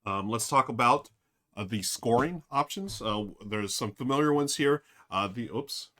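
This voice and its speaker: A man's voice: mid-range voice, lively intonation, normal speed, bright, forceful tone. A man streaming a board game, thinking aloud with many fillers and talking straight to his chat. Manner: addresses chat directly. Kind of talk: casual live-stream commentary.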